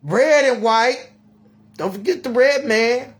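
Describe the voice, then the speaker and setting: An older grandmother with a high voice , as a man puts her on, preaches and scolds in a comic monologue. She takes her time over every phrase, like someone praying aloud. Her tone is sermon-like and indignant. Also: slow, exaggerated voice. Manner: ranting, scolding. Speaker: storyteller.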